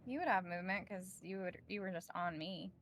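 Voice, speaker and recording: A woman playing a tabletop game, asking quick rules questions. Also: fairly low pitch. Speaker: player.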